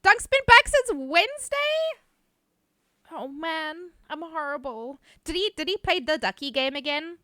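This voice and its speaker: A woman streamer chats casually with her live audience, laughing easily and swearing in passing. Her voice sits high and sounds bright. She talks at an unhurried pace, and the recording is dry and close. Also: lively intonation, no room sound. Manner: chatty, laughs often, reads chat names aloud, swears casually.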